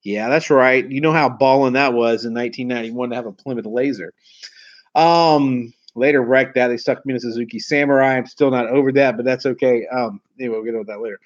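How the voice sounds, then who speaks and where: Here a man in his forties, who trains car salespeople, swears and wanders through homespun stories told to the camera. His medium-pitched delivery runs a little fast with fairly even intonation. Sound quality is dull and lo-fi.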